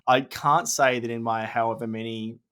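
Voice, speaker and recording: A man co-hosts a casual wedding podcast, telling lively stories and laughing often. His voice sits at an ordinary middle pitch for a man. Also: moderate pace, clean tone. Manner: laughing, animated storytelling. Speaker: wedding photographer and podcast co-host.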